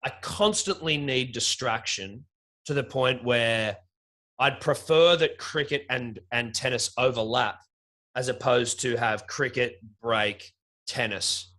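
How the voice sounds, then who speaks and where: Co-host masculino com sotaque australiano, fala divagante e informal. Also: male voice, medium pitch, slow pace, sharp tone. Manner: rambling, profane, self-mocking. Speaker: podcast co-host. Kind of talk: casual sports chat.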